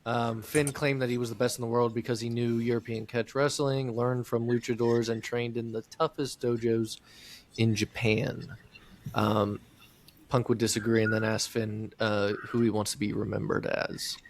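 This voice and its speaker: A man's voice: medium pitch, flat delivery, normal speed. A man co-hosting a casual podcast, running through recap notes in a matter-of-fact way with frequent ums. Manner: matter-of-fact, listing events with filler ums. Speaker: podcast co-host.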